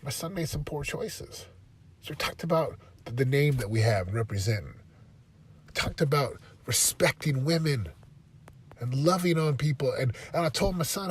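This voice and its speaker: Husky-voiced man giving a passionate parenting talk. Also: mid-range voice, animated, moderate pace. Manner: passionate and emphatic, voice rising when driving a point home. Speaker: podcast host and parenting speaker.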